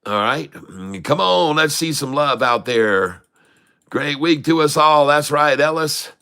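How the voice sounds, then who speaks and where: A man's voice: a little high, expressive, a little slow, bright, forceful tone, clear, resonant tone. A middle-aged man hosting a live day-trading stream, upbeat, greeting viewers and reading out their chat messages. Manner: upbeat, reads out viewer comments, hypes the audience. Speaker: day-trading livestream host.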